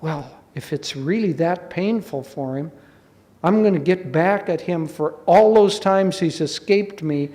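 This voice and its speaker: A man's voice: fairly high pitch, a little slow, warm tone, in a large hall, natural voice. A man voicing a cunning, hungry fox from a folk tale, in a gloating manner. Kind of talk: folk tale told in a spiritual talk.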